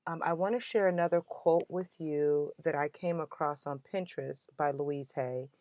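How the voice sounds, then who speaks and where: A woman with a low voice hosts a motivational podcast. She talks in an earnest, emotional, uplifting way. The sound is dry and close. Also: moderate pace, darkish tone, dry recording, dull audio. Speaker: podcast host.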